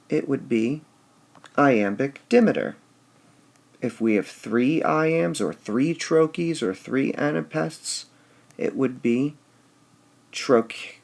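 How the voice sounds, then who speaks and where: A man teaching a recorded lesson, speaking slowly and deliberately and stressing syllables out loud as he explains. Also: mid-range voice, creaky. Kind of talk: recorded lesson on poetic meter.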